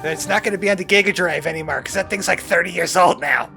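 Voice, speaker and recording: A man's voice: high voice, quick pace, creaky, few pauses. A man casually commentating a video game he is playing, chatty and jokey, often reading the game's text aloud. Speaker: let's play host. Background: game music.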